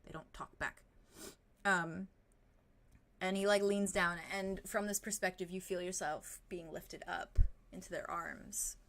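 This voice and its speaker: A woman narrates a tabletop game as its game master, her voice sitting on the lower side. She speaks in a relaxed, loose way, pausing to think as she describes the scene.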